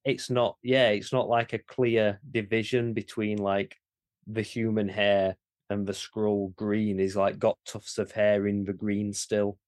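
A low-voiced man chats on a podcast, animated and incredulous. His voice is dry and close, with no room sound. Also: no room sound. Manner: animated, quick, swearing, incredulous. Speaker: podcast co-host. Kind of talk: casual chat.

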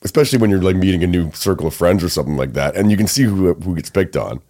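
Young guy w a raspy voice and a lisp, low-ish and talks quick, laughs a lot. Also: lively intonation, dark tone. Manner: laughs often, self-mocking. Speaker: podcast co-host. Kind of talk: casual chat.

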